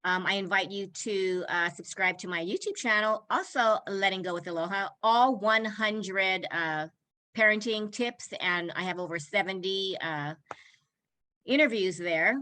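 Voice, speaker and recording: A woman hosts an online summit in a bright, clear voice. She talks in a chatty, rambling way, laughing often and getting a little emotional. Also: mid-range voice, unhurried, rough recording. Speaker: summit host. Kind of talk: casual online video chat.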